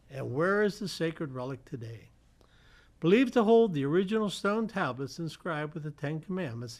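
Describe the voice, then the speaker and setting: Slightly high-voiced male community TV host. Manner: reads from slides, stumbles and corrects himself. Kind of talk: reading fun facts on a community TV show. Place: community television studio.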